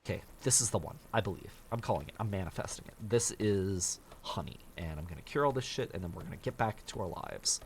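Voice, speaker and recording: A man's voice: low-pitched, expressive, fast, hardly any pauses, a little hiss or hum. A man streaming a survival game, grumbling and swearing at his bad luck and mocking himself as he plays. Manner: grumbling, profane, self-mocking. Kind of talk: casual gameplay commentary.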